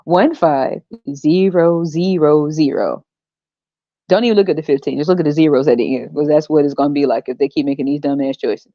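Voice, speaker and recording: A woman's voice: low voice, racing, few pauses, warm tone, dry recording, lo-fi sound. A woman hosting a podcast, ranting in a blunt, sarcastic and profane way. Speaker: podcast host. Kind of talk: casual podcast rant.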